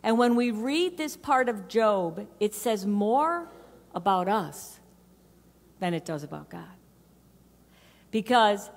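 Unhurried, playful woman pastor. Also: medium pitch. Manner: conversational and playful. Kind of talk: sermon. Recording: reverberant church hall.

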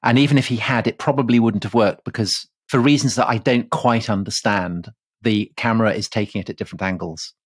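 A man co-hosting a history podcast, telling the story in a relaxed, chatty way with frequent restarts. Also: fairly low pitch, a little fast, few pauses, slightly rough, dry recording. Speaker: podcast co-host.

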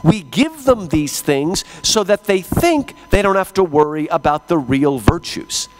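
A middle-aged man from Texas giving a lecture as a plenary speaker, an animated, joking storyteller. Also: on the high side, measured pace, faint music behind. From Texas, USA.

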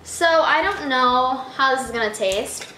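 A woman's voice: high-pitched, unhurried. A woman rambling through a casual food-tasting vlog, talking to the camera and making fun of herself. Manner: rambling and self-mocking, talks to the camera. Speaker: vlogger. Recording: echoey room with faint noise.

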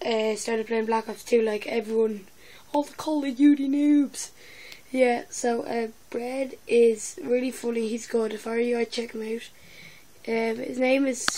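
A woman's voice: fairly high pitch, a little mellow. A woman with a lisp chatting casually in a vlog, rambling with lots of fillers and poking fun at herself. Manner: rambling, filler-heavy, self-mocking. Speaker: YouTuber.

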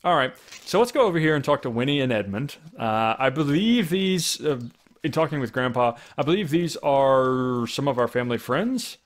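A man's voice: medium pitch, lively intonation, moderate pace. A man giving casual gameplay commentary, thinking aloud with wry asides and frequent restarts. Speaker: let's play commentator.

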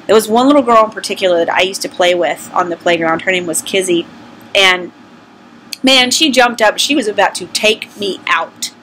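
Bright-voiced Southern woman telling stories candidly. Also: medium pitch, moderate pace, a little hiss or hum, poor audio. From American South. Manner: candid, self-deprecating, conversational. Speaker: vlogger. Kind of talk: casual personal storytelling.

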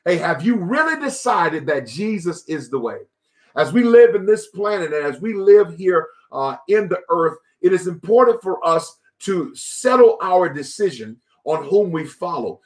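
A male pastor delivering a daily devotional, his voice sitting a bit on the high side. He repeats his phrases and restarts often, leaning on fillers as he works through the thought. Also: very animated, measured pace. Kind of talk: devotional sermon.

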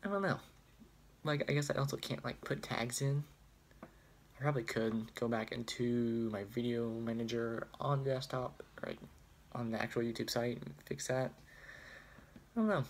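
A man's voice: medium pitch, steady tone, normal speed, a little hiss or hum. A young man vlogging casually on his phone, rambling and hesitant with a self-deprecating manner. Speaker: student vlogger. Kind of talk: casual chat.

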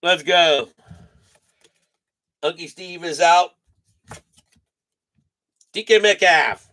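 Animated high-voiced man hosting a stream. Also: very slow, pauses often. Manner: animated, rattling off names and teasing viewers. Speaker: host of a live card break stream. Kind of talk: casual live-stream chatter.

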